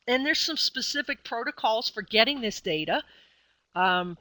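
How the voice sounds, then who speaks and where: A woman's voice: a little high, lively intonation, moderate pace, bright, forceful tone, dry recording, low-quality recording. A woman presenting a webinar lecture, explaining things conversationally with frequent fillers and self-corrections. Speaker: extension specialist presenting a webinar.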